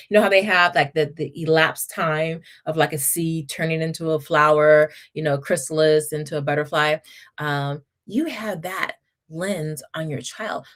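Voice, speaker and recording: A middle-aged woman hosting a casual livestream, reading viewer comments and giving encouraging, chatty advice with laughs and restarts. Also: fairly low pitch. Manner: Southern-style address to viewers. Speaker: homeschool channel host.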